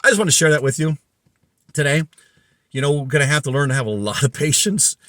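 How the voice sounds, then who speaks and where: Agitated man, lively swooping voice. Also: fairly high pitch, fast, dry recording. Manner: agitated storytelling, reenacts dialogue, voice rising and falling sharply. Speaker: podcast host. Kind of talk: casual monologue.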